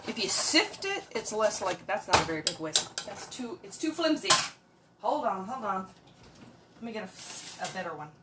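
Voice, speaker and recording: Her medium-pitched voice swings widely in pitch as she cooks along at home, chatting to viewers at a normal speed. Dishes and utensils clatter throughout, making the kitchen recording very noisy.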